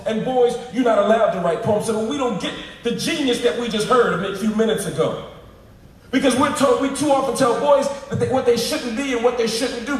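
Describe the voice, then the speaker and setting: A man delivers an animated, preacher-like speech with a fairly high voice, punching his points and slipping in slang. He is caught from far off in a large hall, and strong echo and long reverb wash over each phrase. A faint hum of room noise sits underneath. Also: normal speed. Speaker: keynote speaker. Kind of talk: public speech to a live audience. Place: large lecture hall at an event. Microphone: live stream filmed from the audience. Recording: echoey hall, from far off, livestream.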